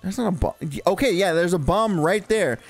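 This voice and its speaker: A man's voice: high-pitched, normal speed, gravelly, soft background music. A young man co-hosting casual gameplay commentary, laughing often, swearing and bossily teasing his partner. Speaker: co-host of gaming commentary.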